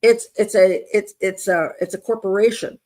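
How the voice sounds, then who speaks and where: A woman's voice: mid-range voice, fairly even intonation, moderate pace, dark tone. An older woman hosting a live chat show, blunt and opinionated, laughing often as she reads out viewer comments.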